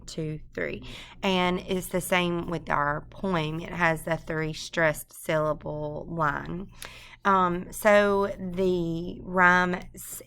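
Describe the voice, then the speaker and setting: A woman teaches a poem in a recorded screencast, talking at an unhurried, deliberate pace. Her voice sits low with a gravelly edge, and she fills pauses with ums and restarts. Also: a bit bright, slight background noise. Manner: unscripted, many ums and restarts. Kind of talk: screencast poetry lesson.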